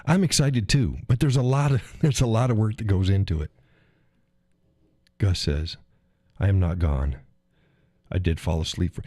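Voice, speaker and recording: A man with a fairly low voice chats casually on his live stream, cursing freely and laughing as he reads viewer messages aloud. The sound is dry and close, with no room echo. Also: expressive, normal speed, pauses often, darkish tone.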